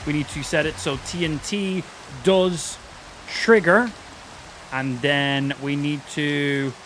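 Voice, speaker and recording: This man's voice sits on the high side, bright and forceful, over slight background noise. He's streaming gameplay live, casually narrating his moves and cursing freely whenever things go badly.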